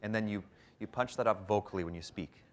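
A man's voice: lowish voice, fast talker. Emphatic man coaching a speaking workshop. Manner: emphatic, varies pace to stress points. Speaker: public speaking trainer. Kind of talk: workshop instruction to a live group.

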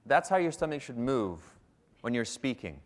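A man's voice: medium pitch, big pitch swings, normal speed. Man coaching a live audience. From Canada. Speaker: public speaking instructor. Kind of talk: live workshop lecture.

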